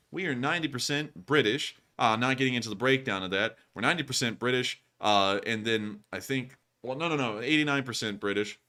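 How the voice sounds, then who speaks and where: A man's voice: medium pitch, sharp tone. A man hosting a casual livestream, thanking donors in a rambling, chatty way and laughing often. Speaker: livestream host. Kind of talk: casual livestream chat reading donations.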